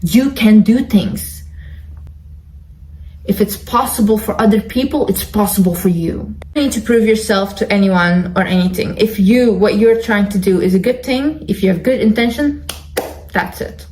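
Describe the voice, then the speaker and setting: A woman's voice: mid-range voice, moderate pace, darkish tone, reverberant, poor audio. A woman talking straight to her viewers in a motivational monologue, direct and emphatic, repeating lines for stress. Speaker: online self-help creator.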